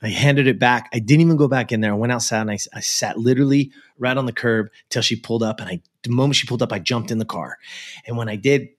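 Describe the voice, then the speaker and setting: A man's voice: medium pitch, fast talker. A man from the United States telling a personal story as an interview guest, earnest and emphatic, with many casual fillers. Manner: earnest and emphatic, with frequent "like" and "you know".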